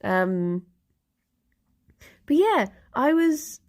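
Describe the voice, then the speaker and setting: A woman's voice: high-pitched, sing-song, drawn-out words, a little mellow. A woman in her thirties, chatting casually and rambling as she streams. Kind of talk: casual chat. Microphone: desk microphone.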